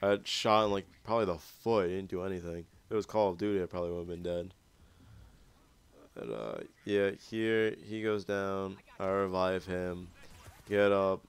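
A man's voice: sits low, normal speed, clean tone. A young man giving loose, profane commentary over his gameplay footage, rambling and easygoing. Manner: laid-back, rambling, heavy swearing. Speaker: gaming YouTuber.

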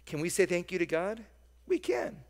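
Male pastor, children's talk: gentle, coaxing, slightly high voice, reverberant church. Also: lively intonation. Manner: gentle, coaxing, sings slowly with motions. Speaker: pastor leading a children's message. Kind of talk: children's sermon with song. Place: church sanctuary.

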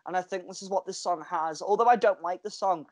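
Speaking briskly in a high voice, this man co-hosts a podcast via a video call mic with no echo. He's chatty, spinning stories with plenty of laughter.

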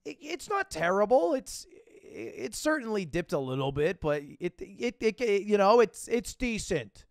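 High-voiced joking male streamer. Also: big pitch swings, normal speed, vocal fry, no room sound, clean studio sound. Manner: joking, profane, sarcastic. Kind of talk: casual chat reading viewer messages. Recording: faint music behind.

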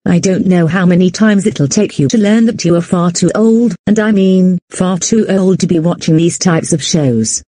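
Brief: synthetic female voice as a scolding, repetitive ex-wife, warm-toned, close and dry. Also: fairly low pitch, normal speed, few pauses, dry recording, natural voice. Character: strict, scolding adult woman, Dave's ex-wife. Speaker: animated character. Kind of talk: text-to-speech cartoon voice.

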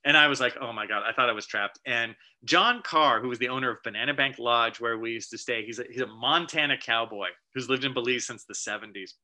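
A man giving a casual storytelling slide talk to an astronomy club, chatty and animated, with many fillers and restarts. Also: medium pitch, brisk, few pauses. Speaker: guest presenter at an astronomy club meeting.

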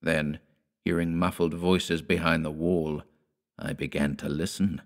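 A man narrating a classic horror tale in a measured, quiet storytelling manner. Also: extremely low pitch, little pitch movement, vocal fry. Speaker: audiobook narrator.

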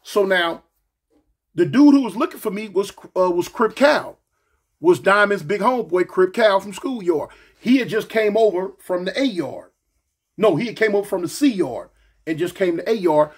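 Male storyteller, casual and slangy, husky voice pitched high, animated delivery. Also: moderate pace. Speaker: storyteller recounting his past.

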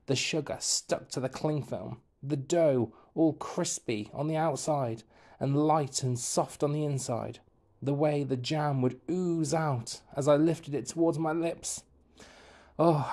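A male teacher narrates a children's book with a mid-pitched voice, reading in a lively, playful way. He leans into the comic lines and shifts his delivery for each quoted voice, keeping a friendly storytelling flow.

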